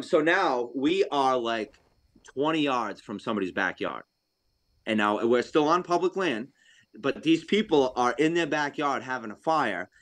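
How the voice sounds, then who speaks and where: A man from Rhode Island telling a hunting story on a podcast in a casual, animated way, acting out what people said. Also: mid-range voice. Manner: animated, acts out quotes, laughs often. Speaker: podcast guest, deer hunter.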